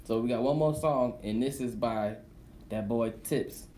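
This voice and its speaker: A man's voice: medium pitch, unhurried, a little hiss or hum. Loose, hype-talking male radio host. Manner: loose, profane, animated hype talk. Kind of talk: casual radio chat. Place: radio studio.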